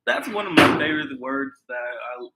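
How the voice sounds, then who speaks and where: A man's voice: medium pitch, animated, moderate pace, very noisy. A young man co-hosting a podcast, laid-back and laughing often as he trades stories in casual chat. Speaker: podcast co-host. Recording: echoey room.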